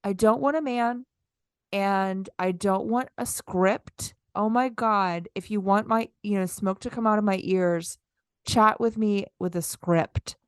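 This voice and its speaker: A woman co-hosting a casual podcast chat, animated and exasperated, acting out lines with big jumps in her voice. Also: medium pitch, measured pace, smooth, no room sound, studio quality. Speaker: podcast co-host.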